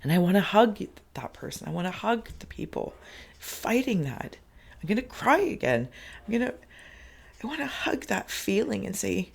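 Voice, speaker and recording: A spirit reader hosting an inkblot reading, with a gravelly, fry-edged voice at an ordinary middle pitch. The talk wanders in loose, repeated phrases and turns emotional, often sinking into soft half-whispers. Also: sing-song, normal speed. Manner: loose, repetitive phrasing with many fillers. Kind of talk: channeled spirit reading, spoken freely.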